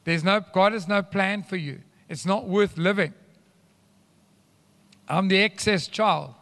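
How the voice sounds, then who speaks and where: A man preaches to his congregation, swinging from loud declarations to hushed asides and wandering off his notes. His voice sits high and sounds bright and ringing. A long reverb from the church hall trails his words. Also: measured pace, creaky. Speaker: pastor. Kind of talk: sermon.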